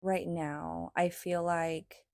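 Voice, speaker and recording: A woman's voice: fairly low pitch, very animated, drawn-out words, a little mellow, dry recording, studio quality. A woman in her thirties hosting a solo podcast, talking in an earnest, chatty way about spirituality and rest, often tagging her sentences with "right?". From United States. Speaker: podcast host. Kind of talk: reflective solo talk on spirituality.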